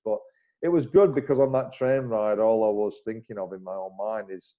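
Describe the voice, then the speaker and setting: A man, a former cricketer as interview guest, telling animated stories with many restarts. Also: lowish voice, normal speed. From Bolton, northern England. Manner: animated anecdotes, frequent restarts, acts out dialogue. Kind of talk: casual interview storytelling. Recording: slightly muffled recording.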